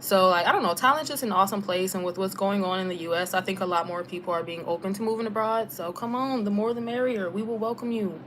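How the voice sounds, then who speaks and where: A young woman talks in a loose, chatty way on a live stream. Her voice sits at an ordinary middle pitch and stays easygoing, with plenty of "like" and casual slang. A faint hiss of background noise runs under her voice. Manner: relaxed and chatty, heavy use of "like" with slang. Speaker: travel vlogger and former teacher.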